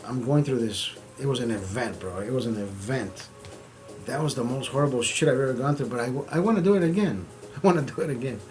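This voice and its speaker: Animated, profane man telling a story. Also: medium pitch. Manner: profane, animated, repeats himself. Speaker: streamer host. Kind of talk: casual storytelling.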